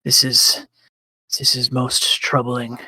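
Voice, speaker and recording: A man's voice: mid-range voice, completely flat delivery, slow, pushed and bright, breathy edge, no room sound, heavily acted. A man voicing a weary, graying old raccoon lord who is a level-tempered father, speaking in a stately, formal way. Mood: indignant.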